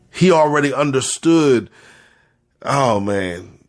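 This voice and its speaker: A man's voice: medium pitch, expressive, slow. A man speaking as a podcast host and spiritual leader, giving earnest, preacherly commentary, repeating phrases for emphasis and holding back tears. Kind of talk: impassioned spoken commentary.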